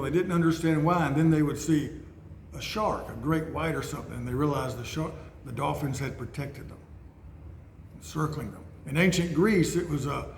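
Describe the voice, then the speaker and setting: A man telling rambling Bible and life stories in a conversational way, in a church building. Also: a little high. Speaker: speaker. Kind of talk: storytelling sermon. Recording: echoey room, faint noise.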